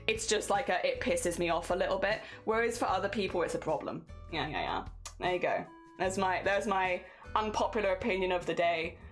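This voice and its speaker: Animated English woman chatting on stream. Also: fairly low pitch. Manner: animated, laughs often, chatty. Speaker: craft streamer. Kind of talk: casual chat with viewers.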